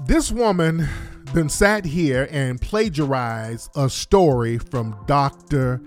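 A man hosting a commentary show, scornful and animated, drawing out and sing-songing his words. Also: mid-range voice, slow pace, soft background music. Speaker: host.

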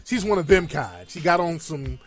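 A man's voice: a little high, very animated, moderate pace, soft background music. A man giving a heated, profane and mocking reaction commentary on video clips.

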